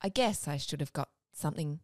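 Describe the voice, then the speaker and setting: This is a posh, old-fashioned radio announcer voice with low, hushed, deliberate delivery, put on by a woman. It is lively in pitch and dry, with the room barely audible. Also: no echo. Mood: mock-serious. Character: posh 1980s-style male radio announcer.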